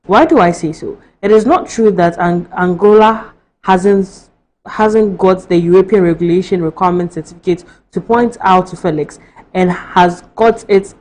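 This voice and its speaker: A woman reads viewer messages during a live TV talk show. Her voice is low for a woman and her delivery is clear and even. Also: normal speed. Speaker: co-host reading viewer messages. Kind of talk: reading viewer text messages on air. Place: TV studio.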